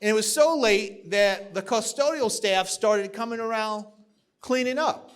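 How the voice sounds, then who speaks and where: A man's voice: high-pitched, a little slow, fairly bright tone, clear, resonant tone. A man from South Carolina, giving a political keynote speech at a podium microphone, moving from folksy storytelling to rousing, emphatic oratory. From South Carolina, USA. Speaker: keynote speaker at a party dinner. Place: large banquet hall, at a podium.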